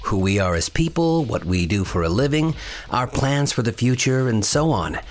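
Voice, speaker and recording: A man's voice: mid-range voice, expressive, moderate pace. A man hosting a faith program, giving a scripted, earnest introduction. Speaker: radio show host. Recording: faint music behind.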